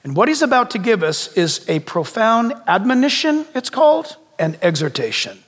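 A male pastor delivers a sermon in a high voice. He stays emphatic, doubles back on his phrases and keeps asking the congregation rhetorical questions. His voice carries through a church with a long reverb tail. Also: sing-song, moderate pace, a bit bright.

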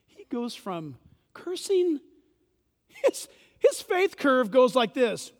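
Male pastor, very high voice, lively sermon delivery, long church reverb. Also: slow, long pauses. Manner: animated preaching, swings from loud bursts to hushed asides.

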